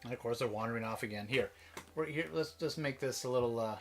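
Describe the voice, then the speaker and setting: A Minnesota man hosts a live stream with a medium-pitched voice and a quick pace. His casual, chatty talk rambles, constantly breaking off and starting again.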